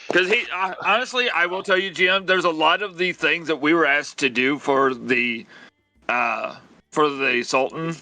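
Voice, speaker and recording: A man's voice: fairly high pitch, bright, forceful tone. A man playing a tabletop game, plainly explaining what his character does. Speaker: player. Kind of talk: casual chat at a game table.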